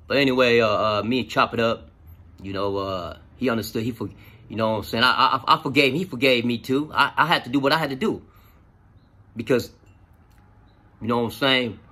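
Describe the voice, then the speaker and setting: A man telling a personal story in a profane, animated, casual way, with lots of fillers. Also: mid-range voice, brisk, pauses often.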